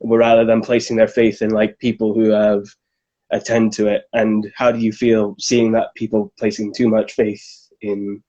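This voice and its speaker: A man calling into a live Q&A, asking a rambling, halting question. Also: on the low side, monotone, mellow, highs cut off. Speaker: caller. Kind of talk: casual live Q&A call.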